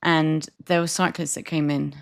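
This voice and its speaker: Woman, New Zealand accent, podcast co-host, chatty storytelling, gravelly. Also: low voice, level tone, normal speed. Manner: chatty storyteller, laughs often. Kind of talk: casual chat.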